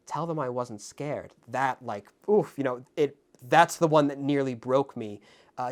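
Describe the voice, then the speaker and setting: A man hosting his own film review video, talking to camera in a reflective, halting way with many fillers and restarts, earnest and openly moved. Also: mid-range voice. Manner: ornate formal sign-off. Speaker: film review channel host. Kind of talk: casual spoken film commentary to camera. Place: indoors in front of a camera.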